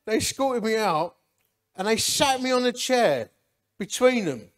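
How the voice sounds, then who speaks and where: A man, giving a lively, jokey personal testimony to a men's gathering and acting out the people in it. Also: sits high, measured pace. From Hornchurch, England. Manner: lively, jokey, acts out quotes.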